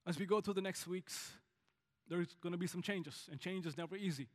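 A man pastor preaching a sermon in a church, emphatic, swinging between loud climbs and quiet, intimate drops. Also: sits high, a little fast, long reverb tail. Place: church sanctuary.

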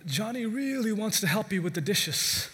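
A man's voice: high voice, expressive, normal speed, fairly bright tone, a little hiss or hum, pitched above the performer's own voice. A man voicing a sly, scheming little sister in a sing-song tone, told as a story within a sermon. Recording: reverberant hall with faint music.

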